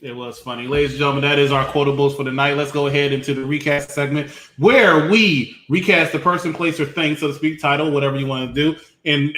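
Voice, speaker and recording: A man with a bright, forceful, somewhat high voice leads the chat like an emcee. The recording has a roomy echo around him. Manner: emcee-like, introducing segments. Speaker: podcast host leading segments. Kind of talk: casual movie-review chat.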